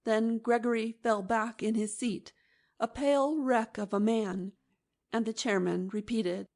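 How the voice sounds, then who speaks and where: A woman narrating a classic novel as an audiobook in a measured, expressive reading. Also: fairly high pitch. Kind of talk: scripted narration.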